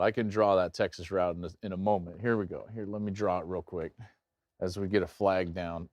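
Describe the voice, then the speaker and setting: Animated man hosting a game watch-along. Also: fairly low pitch, dry recording. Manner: animated, jumps into loud acted-out anecdotes. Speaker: host and game analyst. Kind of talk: excited watch-along commentary and storytelling.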